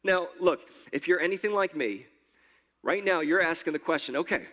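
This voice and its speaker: A man's voice: fairly high pitch, moderate pace, sharp tone. A man pastor preaching a sermon in a church in a conversational way, often stammering and repeating his words. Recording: long hall reverb.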